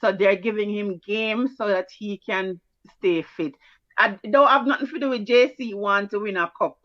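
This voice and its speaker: A woman with a Jamaican accent co-hosting a casual sports chat, teasing and quick-fire in her delivery. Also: mid-range voice, no echo. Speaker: co-host. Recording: dull, dry, lo-fi mic.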